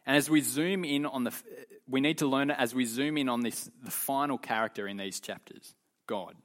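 A man leading a youth Bible lesson, telling the story in an animated, casual way full of slang. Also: medium pitch, normal speed. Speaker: youth leader teaching.

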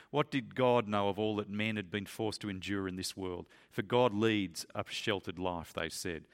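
Earnest male preacher, emphatic sermon. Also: fairly bright tone. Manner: earnest and emphatic, climbing higher when stressing points. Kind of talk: sermon with a read-aloud story.

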